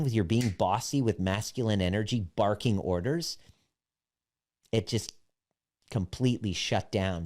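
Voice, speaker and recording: A man's voice: lowish voice, darkish tone. A man, a relationship coach, tells a candid personal story and draws earnest lessons from it, blunt and emphatic and swearing freely. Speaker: self-help relationship coach.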